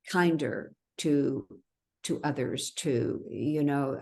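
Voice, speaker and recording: A woman's voice: a bass voice, vocal fry, dark tone. A woman being interviewed about her memoir, speaking earnestly and reflectively, often stopping and restarting her sentences. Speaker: interview guest, memoir author. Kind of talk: conversational interview.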